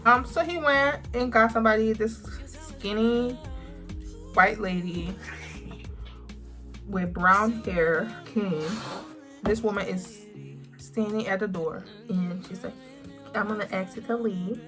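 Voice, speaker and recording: A woman's voice: medium pitch, music in the background. Young woman telling an emphatic storytime. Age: young adult. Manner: animated, emphatic, drawn-out words. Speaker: vlogger. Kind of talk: storytime vlog.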